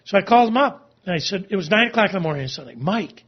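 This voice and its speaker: A middle-aged man telling a long personal story as an interview guest, halting and emotional, sometimes tearing up. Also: high-pitched, lively intonation, breathy edge. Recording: dull lo-fi recording.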